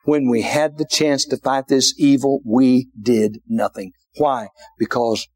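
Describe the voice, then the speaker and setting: A man preaching a sermon in a church, dropping to a hush and then rising to shouts, with folksy asides to the congregation. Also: mid-range voice, fairly even intonation, measured pace, breathy edge. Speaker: pastor. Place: church sanctuary.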